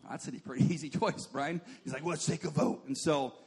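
A man's voice: fairly high pitch, a little fast, slightly rough, long reverb tail. A young adult man preaching a sermon, telling a funny story and putting on the voices of people in it. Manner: animated, jokey, acts out voices of people in his stories.

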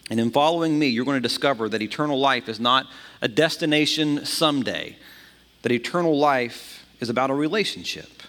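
A male pastor preaching a sermon in an animated way, often repeating a word as he starts a phrase. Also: mid-range voice, brisk. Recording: long hall reverb.

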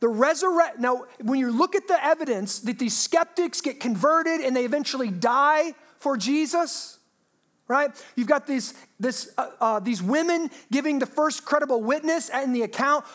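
A woman pastor preaching a sermon in a lively, humorous way, asking her listeners rhetorical questions. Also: high-pitched.

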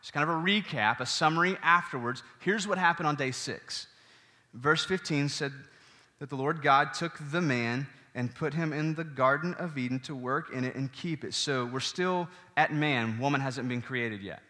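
A man's voice: on the high side, normal speed, in a large hall. A pastor preaching a sermon, teaching through scripture and putting questions to his listeners. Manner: animated, asks the congregation questions.

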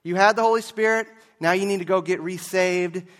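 A man preaching a sermon as a pastor, telling a story and moving between loud and hushed delivery. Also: sits high, steady tone, brisk, big-room sound.

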